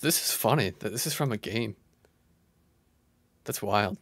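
A man in his thirties gives casual live reaction commentary. He is excitable and swings from loud outbursts to low muttering. His pitch moves a lot, and the sound is dry and close. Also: measured pace, no echo. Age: 30s. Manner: excitable, jumps between shouting and muttering. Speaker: live streamer.

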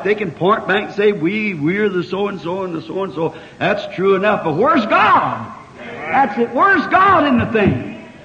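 A man in his fifties preaching a fervent revival sermon, dropping to quiet asides and rising to shouted cries. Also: very high-pitched. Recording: echoey hall, dull old tape.

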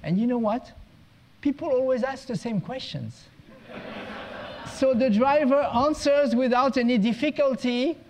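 A man's voice: extremely high pitch, unhurried, a little mellow, a little hiss or hum, low-quality recording. A man, an education consultant, giving a conference talk, telling humorous anecdotes with small restarts along the way. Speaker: guest speaker, education consultant.

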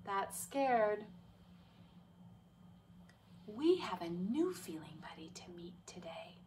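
A woman teaching young children about feelings in a slow, gentle voice, sometimes whispering, and leading a sing-along. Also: medium pitch, big pitch swings, far from the mic, a little hiss or hum. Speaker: special education teacher. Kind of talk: children's lesson.

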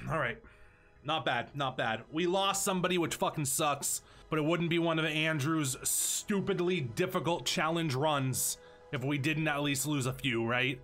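A man's voice: on the high side, moderate pace, a bit bright, faint music behind. A young man giving crude, joking commentary while playing a video game. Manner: crude, joking, profane banter. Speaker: let's play streamer. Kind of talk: casual gameplay commentary.

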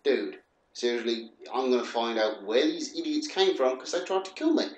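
A man hosting a let's play, commenting on the game in a jokey, animated way with frequent exclamations. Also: mid-range voice, normal speed, roomy sound, highs cut off. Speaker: gaming host.

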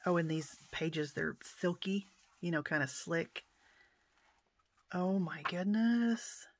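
Slow, soft-spoken woman vlogger. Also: on the low side. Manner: soft-spoken, often exclaims in delight. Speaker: vlogger showing a mail haul. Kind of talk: casual unboxing chat.

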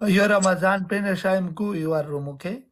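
A man with a Pashto accent, a native Pashto speaker, chatting on a live stream in halting, broken English and slipping into rapid Pashto. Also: high voice. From Afghanistan or Pakistan Pashto region.

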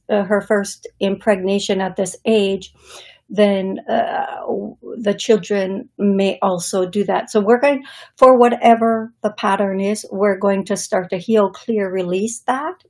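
Brief: woman psychic medium host, unhurried, halting delivery, laughs easily between thoughts, middle-pitched. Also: darkish tone. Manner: slow, halting, thinking aloud with pauses; laughs often between remarks. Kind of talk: live call-in radio show.

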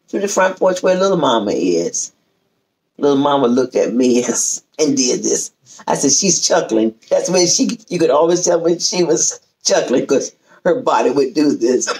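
Speaking in a low voice at a moderate pace, the host, a woman, shares a family story in casual conversation. She brings it to life by performing each person's quoted words.

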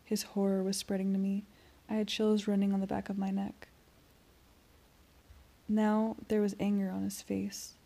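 A woman reading an amateur first-person audiobook in a soft, even voice that often drops toward a whisper. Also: medium pitch, normal speed, gravelly. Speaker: audiobook reader.

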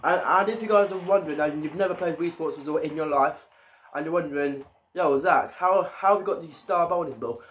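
A man's voice: fairly high pitch, a little fast, a bit bright, a little hiss or hum. A man giving casual let's-play commentary as a gaming YouTuber, often stumbling and repeating his words.

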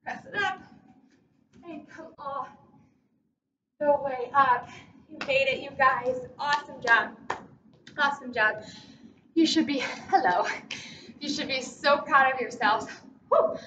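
A woman's voice: sits high, takes it slowly, long pauses, pushed and bright. A woman leading a guided workout as a fitness instructor, cheering people on with upbeat cues and countdowns, a bit out of breath. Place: large echoey gym. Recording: echoey, distant, dull, noisy.

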